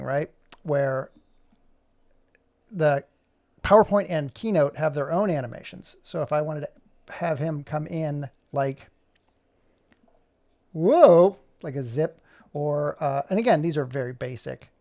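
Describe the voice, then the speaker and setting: A man's voice: fairly high pitch, measured pace, mellow. A middle-aged man talking through an animation tutorial as he works, chatty and self-mocking, muttering to himself. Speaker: video creator. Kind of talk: screen-recorded tutorial with running commentary.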